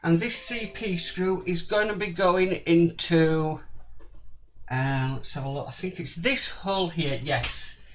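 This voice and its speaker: Slow-talking man building a model. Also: fairly high pitch, a bit bright, a little hiss or hum, poor audio. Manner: slow, apologetic, mutters while working. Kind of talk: hands-on build tutorial.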